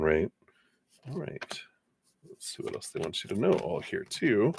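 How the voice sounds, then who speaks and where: A man giving tarot readings on a live stream, relaxed and chatty, with many fillers and warm blessings to viewers. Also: on the low side, unhurried, gravelly, breathy edge, no echo. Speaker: tarot reader.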